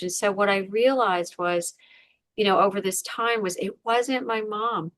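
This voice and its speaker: A woman's voice: mid-range voice, a little slow, fairly bright tone, no room sound. Candid woman telling a raw story. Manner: candid, tearful retelling, many fillers. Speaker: podcast guest, author. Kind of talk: emotional personal story in an interview.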